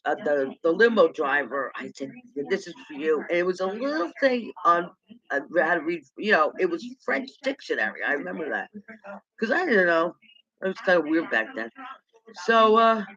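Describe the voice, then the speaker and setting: Bright-voiced woman rambling through old memories. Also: lowish voice, lo-fi sound. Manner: halting, loose storyteller who repeats words and laughs at her own memories. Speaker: vlogger. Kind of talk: rambling personal storytelling.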